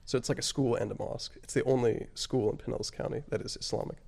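A man telling his personal story as an interview guest, halting and reflective, often pausing on fillers and dropping his voice on emotional points. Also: medium pitch, steady tone, vocal fry, a little mellow, husky. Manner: halting and reflective, frequent "like" and "you know" fillers.

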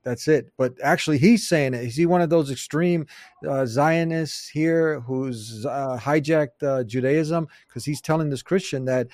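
A man's voice: a little high, unhurried, a little mellow, dry recording. A man hosting a casual discussion, speaking earnestly and asking questions. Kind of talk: casual chat.

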